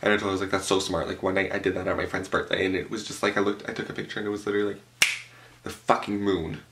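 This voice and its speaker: Gravelly young man telling a story. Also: deep voice, rapid-fire, background noise. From Canada. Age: young adult. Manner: animated, swearing, filler-heavy retelling with quoted voices. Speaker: vlogger. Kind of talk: casual storytime vlog. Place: room at home, tablecloth backdrop.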